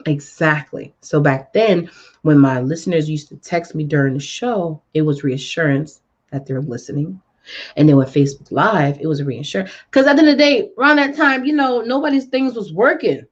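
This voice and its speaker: A woman radio host telling her story in a casual interview, animated and acting out what people said. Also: low voice, normal speed. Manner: animated, acts out quoted dialogue. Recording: dull lo-fi audio.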